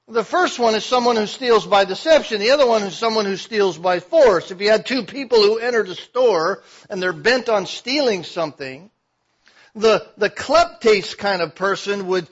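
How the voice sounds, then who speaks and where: A man preaching a sermon, swinging between loud declarations and quiet asides. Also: high voice, muffled recording. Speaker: pastor.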